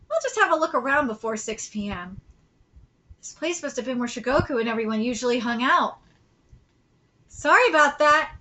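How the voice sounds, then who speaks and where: A woman talks through a manga chapter live, casual and excitable, often pausing on "um" and "uh." Her voice sits high and has a bright, forward edge. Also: poor audio. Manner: chatty, many fillers, excitable. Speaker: host. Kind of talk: live manga reaction, reading aloud.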